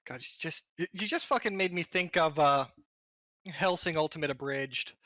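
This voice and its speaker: A man chatting playfully as a player in a tabletop game, quick to laugh. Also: fairly high pitch, sharp tone, dry recording. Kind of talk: casual chat at the game table.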